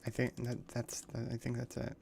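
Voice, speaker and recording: A man's voice: mid-range voice, monotone, normal speed, creaky, a little mellow, slight background noise. A man streaming a game, reading the dialogue aloud and reacting with crude slang and frequent swearing. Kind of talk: casual gaming livestream commentary.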